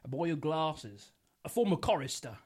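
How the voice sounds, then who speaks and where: A man's voice: on the high side, very animated, moderate pace, darkish tone, breathy edge. A young man, co-hosting a podcast, rambling and giggling as he makes up a silly story. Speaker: podcast co-host. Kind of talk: casual podcast chat, improvised storytelling.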